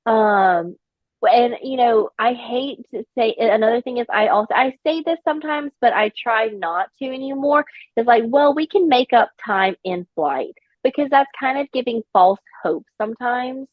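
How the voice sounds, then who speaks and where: A woman's voice: a little high, normal speed, no room sound, dull audio. A woman, a flight attendant and podcast guest, chatting casually in a rambling way full of fillers. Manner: rambling, filler-heavy storytelling. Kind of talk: casual chat.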